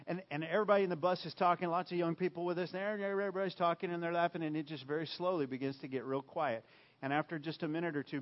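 A man preaching a sermon, emphatic and repetitive, swinging from loud bursts to hushed lines. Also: on the high side, dull audio. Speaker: pastor.

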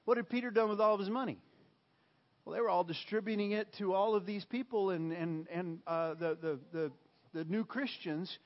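A man preaching a sermon, emphatic and repetitive, swinging from loud bursts to hushed lines. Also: high-pitched, moderate pace, dull audio. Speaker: pastor.

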